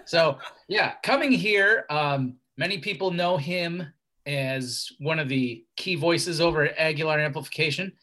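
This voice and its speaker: A man's voice: fairly high pitch, unhurried, pushed and bright. A man co-hosting a casual podcast, agreeable and introducing the guest. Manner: brief, agreeable interjections. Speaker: co-host.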